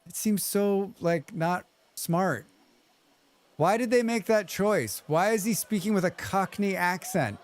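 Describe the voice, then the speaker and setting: A man's voice: sits high, lively intonation, a little slow. Chatty male game streamer. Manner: chatty, muttering reactions and questions to the game. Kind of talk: casual gaming commentary.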